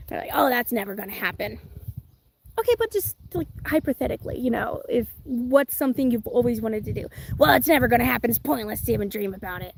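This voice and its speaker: A woman's voice: a little high, warm tone, slight background noise. A woman hosting a casual live chat outdoors, reading viewer comments, chatty and giggly with a self-deprecating humor. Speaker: livestream host.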